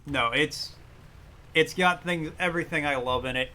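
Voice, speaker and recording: Bright-voiced man streaming a game. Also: on the high side, fairly quick. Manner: chatty, reads game text aloud. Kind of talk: casual gameplay commentary.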